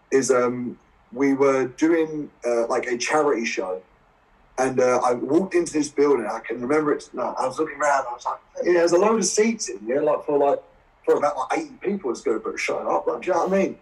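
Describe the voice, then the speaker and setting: A man in his twenties with an Essex accent, telling stories as a guest in a casual interview, animated and laughing often. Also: medium pitch. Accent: English, Essex. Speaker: guest wrestler. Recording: voice a bit far from the mic.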